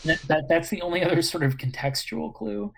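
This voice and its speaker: A husky-voiced speaker co-hosting a podcast, talking through a film in a relaxed, halting way, often restarting a thought. The pitch sits in an even middle range. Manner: hesitant, many restarts and fillers. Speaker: podcast co-host. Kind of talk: casual film discussion.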